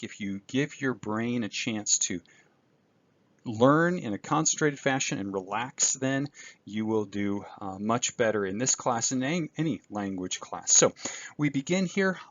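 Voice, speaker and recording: A man with a gravelly voice walks through a screencast lesson, methodical and patient, pausing with small fillers. The sound is dry and slightly dull, as if from a desktop mic. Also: medium pitch, dry recording. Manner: methodical, explains step by step with fillers. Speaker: Greek instructor. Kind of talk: recorded lecture screencast.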